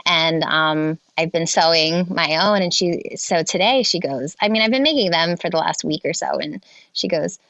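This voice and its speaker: Halting low-voiced woman on a dull call line. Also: no echo. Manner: halting, restarts often, soft laughs. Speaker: frontline nurse guest. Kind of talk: casual interview conversation.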